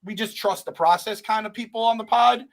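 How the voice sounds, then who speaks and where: A man co-hosting a sports podcast in casual chat, profane and excitable, acting out other people's quotes. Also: high-pitched, a little fast. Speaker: podcast co-host.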